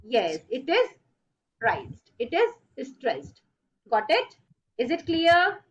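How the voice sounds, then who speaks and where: A high-pitched woman lectures over a dull, lo-fi online call. She repeats each rule slowly, leaning on the key words. Her delivery is patient and instructive. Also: wildly swooping pitch. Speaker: teacher. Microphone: online video call.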